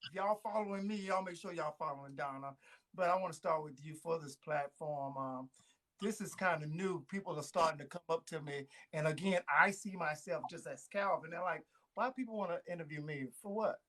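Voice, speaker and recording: A man as a guest on a casual interview show, talking earnestly in relaxed slang as he thanks and praises people. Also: a little high, fairly quick. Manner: earnest, warm shout-outs, relaxed slang.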